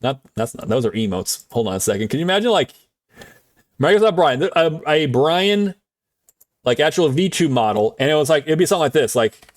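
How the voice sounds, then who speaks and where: A man streaming, chatting casually in a rambling way with lots of fillers and quick chuckles. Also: on the high side, very animated, no room sound. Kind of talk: casual chat.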